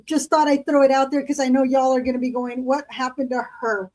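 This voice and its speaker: A woman chats casually as a podcast co-host, spinning long stories full of fillers. Her voice sits high. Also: little pitch movement, a little fast, a little mellow, low-quality recording. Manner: chatty storyteller, lots of fillers. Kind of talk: casual chat.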